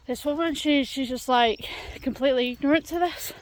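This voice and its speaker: A British woman speaks briskly in a high-pitched, steady voice with hardly any pauses as she walks her dog on a country path. Her storytime vlog is a chatty, exasperated rant full of filler words.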